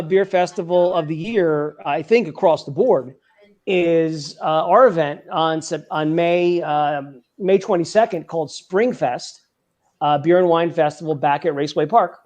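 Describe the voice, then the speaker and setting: A man's voice: sits high, a little mellow. A man in his forties who talks in a chatty, rambling way with many fillers and restarts, speaking as a guest over a remote call on a live stream. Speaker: event organizer guest. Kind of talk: casual chat on a live stream.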